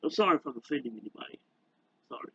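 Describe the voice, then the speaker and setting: A man ranting casually to camera in a halting, rambling way full of fillers and restarts. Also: mid-range voice, animated, pushed and bright, slightly rough, dry recording, muffled recording. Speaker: YouTuber.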